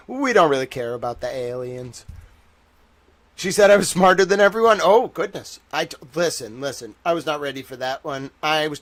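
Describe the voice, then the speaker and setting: A man's voice: a little high, a bit bright, dry recording. A young man hosting a livestream, chatting casually and rambling animatedly while reacting to viewer chat. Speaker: livestream host.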